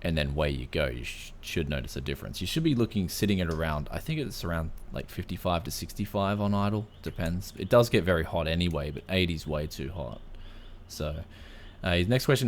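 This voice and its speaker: A man's voice: deep voice, expressive, a little fast, slight background noise. A young Australian man hosting a casual tech podcast, laid-back, saying "man" a lot between fillers. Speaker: podcast host.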